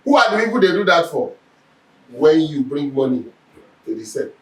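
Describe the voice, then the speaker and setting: A man leads a Bible lesson, his voice a little high for a man. He tells stories with lively energy, slipping into the voices of the people he quotes. He sits some way from the mic in an echoey room. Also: moderate pace, recorded from a distance. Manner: animated storytelling, acts out quoted speech. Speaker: Bible teacher.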